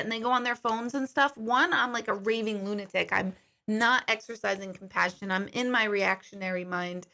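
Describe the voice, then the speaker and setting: A woman's voice: mid-range voice, moderate pace, bright, forceful tone. A middle-aged woman, a psychic medium, talking casually and bluntly on a livestream, swearing freely and greeting viewers by name.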